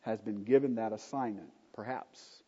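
A man teaching a Bible study, unhurried and emphatic, with conversational asides. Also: lowish voice, mellow, slight background noise. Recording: dull lo-fi recording in a reverberant hall.

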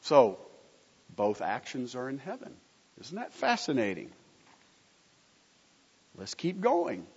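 A man's voice: medium pitch, wildly swooping pitch, slow pace, pauses often, darkish tone, husky. A man preaching a sermon, asking the congregation questions and answering them himself in an emphatic teaching manner. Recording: muffled recording with long hall reverb.

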